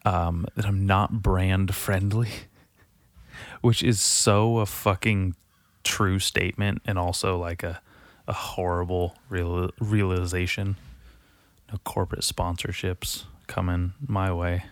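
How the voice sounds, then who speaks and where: A man's voice: sits low, flat delivery, slow pace, no echo. A man hosting his own podcast alone, rambling and swearing a lot, sighing and trailing off into mutters before restarting. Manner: rambling, profane, self-deprecating, trailing off and restarting; sighs often, drops to a mutter. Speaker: podcast host. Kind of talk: casual solo monologue.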